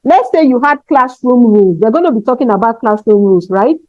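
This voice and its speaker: A woman's voice: a little high, expressive, brisk, no echo. A woman giving a motivational talk to teachers, emphatic and often checking in with her listeners. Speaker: conference speaker for teachers. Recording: dull, dry, lo-fi sound.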